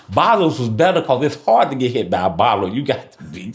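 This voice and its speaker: A middle-aged man from Oakland, California, chatting casually as a podcast guest, boastful and quick to laugh. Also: medium pitch, sing-song. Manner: boastful, laughing, colloquial street talk. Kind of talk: casual chat.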